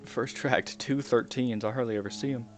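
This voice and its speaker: A man's voice: mid-range voice, steady tone, moderate pace. A young man chatting casually while he plays a game, mumbling, swearing a lot and sometimes dropping into a whisper. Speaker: gaming streamer. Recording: music playing behind the voice. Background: piano music.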